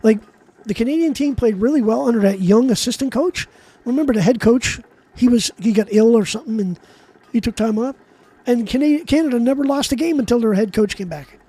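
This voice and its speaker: A man with an extremely high yet dark-toned voice rants to his chat on a live stream, heated and profane, rambling and restarting often. He speaks a little fast into a desk mic while gaming.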